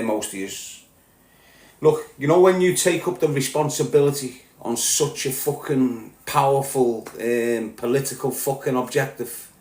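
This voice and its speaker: A man with a Liverpool accent delivering a heated, profane solo rant as a podcast host, growing louder as he goes. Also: mid-range voice, reverberant. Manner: heated, sweary, rising to shouting. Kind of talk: angry monologue rant.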